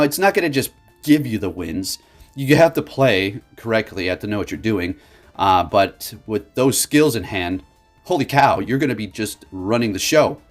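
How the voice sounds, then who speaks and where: A man giving casual, excitable gameplay commentary for his channel, laughing often and talking to viewers as folks. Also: medium pitch. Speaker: gaming YouTuber.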